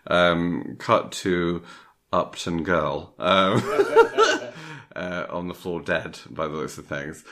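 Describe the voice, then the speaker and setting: A man's voice: sits low, wildly swooping pitch, drawn-out words, sharp tone. A man in casual chat, retelling a film plot in a rambling way, full of fillers and little acted-out quotes. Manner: acts out lines of the film.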